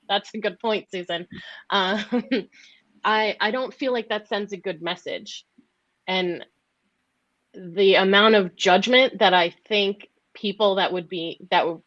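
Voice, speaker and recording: A woman's voice: mid-range voice, fairly bright tone, no room sound, muffled recording. A woman speaking earnestly and with measure in a casual group discussion, repeating her points for weight. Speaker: podcast panelist.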